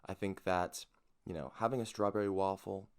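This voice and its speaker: A man's voice: low voice, fairly even intonation, moderate pace, darkish tone, clean tone. A man co-hosting a podcast, chatting casually in an enthusiastic, rambling way. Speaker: podcast co-host. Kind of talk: casual chat.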